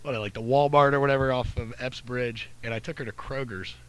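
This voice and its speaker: A man casually telling profane, animated stories about his old job as a cab driver. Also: medium pitch, fairly quick, clear, resonant tone, lo-fi sound. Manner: loose, profane, animated storytelling. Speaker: podcast co-host, former cab driver. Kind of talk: casual storytelling chat.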